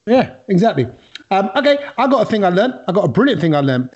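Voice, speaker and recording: A man's voice: high voice, sing-song, quick pace, darkish tone, breathy edge, dull audio. A man hosting a casual podcast, teasing his friends and describing food in vivid detail. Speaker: podcast host. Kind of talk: casual chat.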